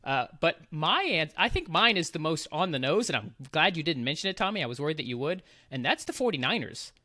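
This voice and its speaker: A man's voice: fairly high pitch, big pitch swings, fairly quick, pushed and bright, no room sound, studio quality. A man hosting a casual sports podcast, who argues his picks with enthusiasm and laughs along. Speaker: podcast host.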